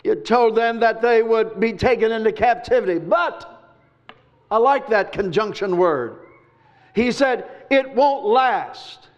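A man delivers a sermon in a strikingly high voice, hammering points through repetition and breaking into sudden shouts. The recording is muffled and lo-fi. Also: measured pace. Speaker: preacher. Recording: dull lo-fi recording.

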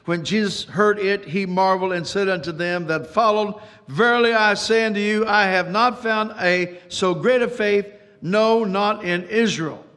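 A man delivers a sermon in a high, fervent voice, repeating himself and rushing then slowing. A long reverb trails every phrase in the hall. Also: fairly bright tone. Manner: dramatic preaching with repetitions and sudden pace changes. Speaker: pastor.

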